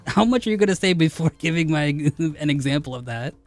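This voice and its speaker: A man streaming a game spars with his chat, laughing as he repeatedly dares them to give him an example. His voice is fairly high, animated and brisk, and the recording is dry, a live stream chat reply.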